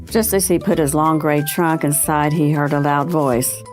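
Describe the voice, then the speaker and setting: A woman, a historical society president, reading a children's picture book aloud in a gentle storytelling manner. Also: deep voice, fairly even intonation, moderate pace, faint music behind.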